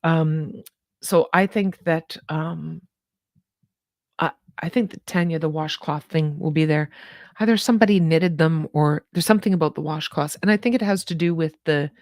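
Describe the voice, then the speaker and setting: A woman hosting a live spiritual chat, reading out viewer comments and answering them in a chatty, rambling way. Her voice sits a little low. She laughs easily and often restarts her sentences, and the sound is dry and close to the mic. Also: normal speed, a little mellow, no echo. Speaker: psychic medium host.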